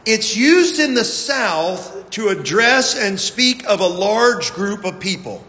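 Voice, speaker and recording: A man's voice: high voice, big pitch swings, slow, sharp tone. A male pastor delivering a sermon in a church, reading scripture and telling folksy, self-deprecating stories with frequent fillers. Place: church sanctuary. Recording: long hall reverb.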